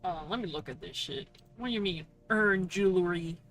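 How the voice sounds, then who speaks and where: A woman's voice: lowish voice, brisk, a bit bright, soft background music. A woman streaming a game and chatting casually with her viewers, swearing freely and laughing often. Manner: profane, laughing, talks to chat. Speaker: VTuber streamer.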